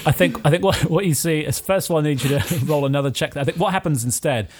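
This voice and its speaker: A man runs a comedic tabletop game, narrating in a casual, amused tone that keeps rolling along. His voice sits a bit higher than most men's. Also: quick pace, breathy edge. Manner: casual and lively with frequent laughs. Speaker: game master.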